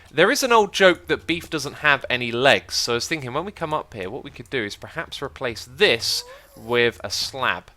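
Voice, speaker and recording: A man chatting casually as he plays and explains a building game, excitable and quick to laugh. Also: a little high. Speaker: Minecraft YouTuber. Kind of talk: casual gameplay commentary.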